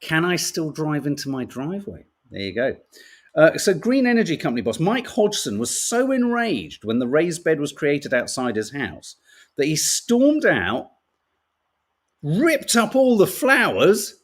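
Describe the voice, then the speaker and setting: A middle-aged man with a British accent talks through the day's papers in a loose, chatty way. His voice sits a little high and swings all over the place, rising and dropping with each joke. He is wry and swears freely. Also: huge pitch swings, unhurried. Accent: British English. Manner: chatty, wry, swears casually, laughs at stories. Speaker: podcast host reading the papers. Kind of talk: casual chat.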